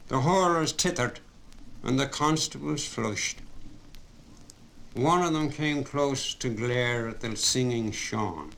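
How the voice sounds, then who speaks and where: Man, audiobook narration, measured, mid pitch, faint room noise. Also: creaky, fairly bright tone, low-quality recording.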